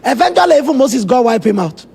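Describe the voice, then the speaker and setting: A man's voice: very high-pitched, very animated, quick pace, vocal fry, darkish tone, husky. A man preaching a sermon as pastor, telling Bible stories with dramatic, emphatic asides.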